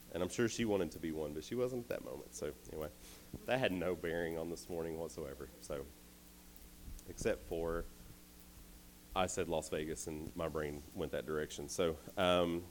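A man's voice: sits low, normal speed, slight background noise, poor audio. A man, a little tired, giving a casual camp sermon full of self-deprecating stories. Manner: chatty, self-deprecating storyteller. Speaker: youth camp speaker. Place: indoor camp meeting hall.

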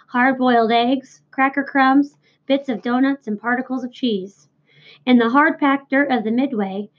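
A cunning old storybook ewe talks in a coaxing, savoring way, played by a woman reader. The voice sits a bit high. The recording is dull and lo-fi. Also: lightly acted. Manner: lush, savoring listing of foods. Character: crafty old female sheep, coaxing and worldly.

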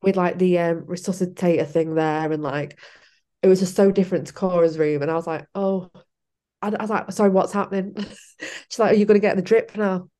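A woman's voice: fairly low pitch, fairly even intonation, fairly quick, warm tone. Chatty young woman. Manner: chatty, laughing often, acting out her own past lines. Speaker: podcast guest. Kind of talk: casual storytelling interview.

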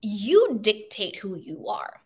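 A woman's voice: mid-range voice, wildly swooping pitch, slow, breathy edge. A woman hosting a self-help podcast, talking in an emphatic, motivational way and repeating key phrases for effect. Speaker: podcast host.

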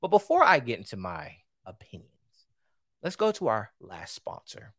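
Ranting podcast host, lively pitch. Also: male voice, moderate pace, husky, no echo, studio quality. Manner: heated, ranting, swinging between loud outbursts and low asides. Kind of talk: opinionated solo commentary.

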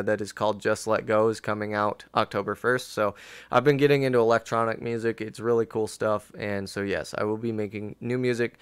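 A young man hosting a casual podcast, his voice smooth and resonant at a middling pitch. He talks loosely and swears often. He gets irritated quickly. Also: a bit bright. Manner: swears a lot, easily frustrated. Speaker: podcast host. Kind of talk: casual chat.

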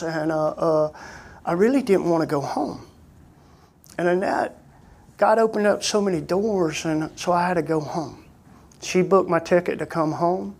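A man who works as a missionary, earnestly and animatedly telling his personal testimony in folksy, plain-spoken grammar. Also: sits high.

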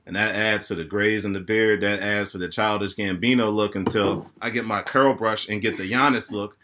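A man's voice: on the low side, fairly even intonation, normal speed, slight background noise. A man in his thirties hosting a casual podcast chat among friends, easygoing and rambling, laughing often. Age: 30s. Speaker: podcast host and bartender.

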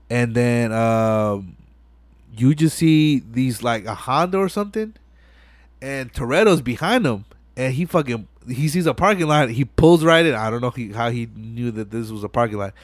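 A man hosting a podcast, retelling a film scene in casual chat with animated, profane storytelling. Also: medium pitch, moderate pace, no echo. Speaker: podcast host.

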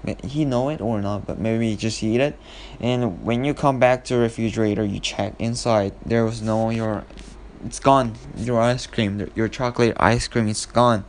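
A man hosting a casual English lesson, explaining an expression in halting, non-fluent English with many fillers and acted-out example lines. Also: lowish voice, steady tone, a little hiss or hum. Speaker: host of an English expression podcast.

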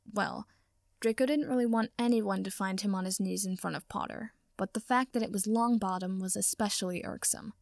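Gravelly-voiced woman reading a story. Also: mid-range voice, a little mellow, no echo, clean studio sound. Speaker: reader. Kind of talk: reading fan fiction aloud.

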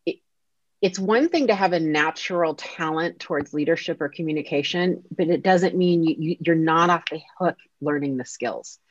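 A woman who is a guest on a podcast, telling a story in a lively way and acting out the lines people said to her. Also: low voice, moderate pace, dry recording. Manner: animated, acts out quoted dialogue. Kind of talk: casual storytelling interview. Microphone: podcast mic. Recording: dull lo-fi sound.

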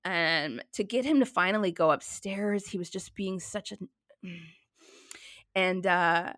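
A woman in her thirties in casual chat, telling a story with lively quoted dialogue. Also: on the low side, takes it slowly, no echo, clean studio sound.

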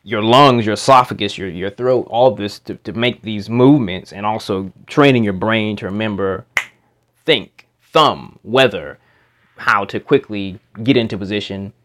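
A man with a somewhat low voice teaches pronunciation into a home microphone. He explains step by step, slowly repeating practice words and single sounds so the learner can copy them. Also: a bit bright. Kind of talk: instructional explanation.

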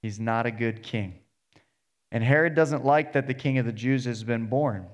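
A man's voice: medium pitch, normal speed. Man preaching a storytelling sermon. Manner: storytelling, acting out the characters in plain voice. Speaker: associate pastor.

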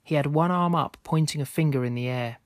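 Man, storyteller, scripted narration, measured delivery, slightly high pitch, dry recording. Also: dry recording.

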